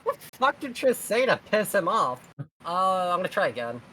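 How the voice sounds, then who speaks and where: A woman's voice: lowish voice, sing-song, moderate pace, fairly bright tone, a little hiss or hum, low-quality recording. A woman playing a tabletop game, blunt and casually swearing. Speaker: player.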